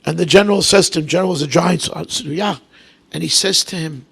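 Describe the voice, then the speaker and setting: A man preaching as a rabbi, telling stories in an animated way, swinging between loud bursts and hushed asides, with Hebrew and Aramaic terms mixed in. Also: high voice, quick pace, vocal fry, breathy edge. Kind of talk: storytelling sermon.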